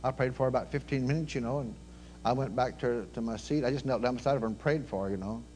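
A man preaching in a folksy manner, telling stories and acting out the dialogue, swinging between quiet murmurs and loud cries. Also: mid-range voice, fast talker, a little hiss or hum. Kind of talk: storytelling sermon.

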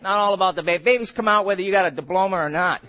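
A middle-aged man preaching a sermon, emphatic, building to shouted exhortations with quick humorous asides. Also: sits high.

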